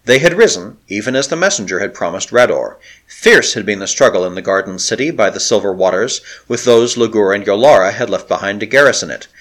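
Man narrating an adventure novel with dramatic flair. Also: on the low side. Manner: dramatic, expressive storytelling. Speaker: audiobook narrator.

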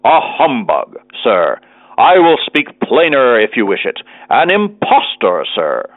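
Man voicing a stern older gentleman, firm and emphatic, dry tinny radio. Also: mid-range voice, sing-song, a little fast, no room sound. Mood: contemptuous.

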